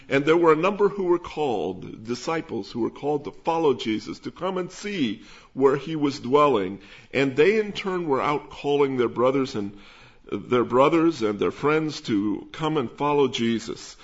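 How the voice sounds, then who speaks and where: A man preaching, teaching verse by verse through a Bible passage at an unhurried pace. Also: a little high. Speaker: pastor. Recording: dull lo-fi sound.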